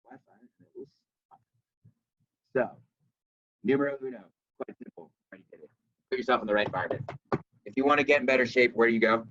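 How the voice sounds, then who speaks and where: A young man giving an energetic motivational talk to a group of sales reps, telling stories and acting out dialogue. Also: mid-range voice, fast talker, long pauses, lo-fi sound. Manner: energetic storytelling with reenacted dialogue.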